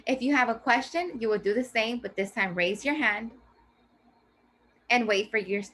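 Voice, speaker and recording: A woman teacher explaining a reading strategy to her class in a clear, slow, teacherly way. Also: on the high side, a bit bright, slight background noise. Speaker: teacher presenting a reading lesson. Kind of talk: scripted classroom presentation.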